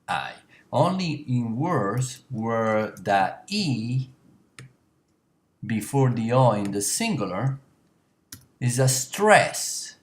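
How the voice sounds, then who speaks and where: A male language teacher with a medium-pitched voice gives a classroom lecture. He explains slowly and deliberately, pausing often and correcting himself.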